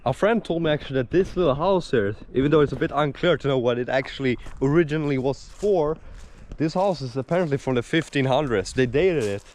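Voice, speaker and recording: A man's voice: medium pitch, expressive, fairly quick, a little mellow. A young man narrating his vlog to a handheld camera, chatty and rambling with plenty of fillers. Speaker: vlogger.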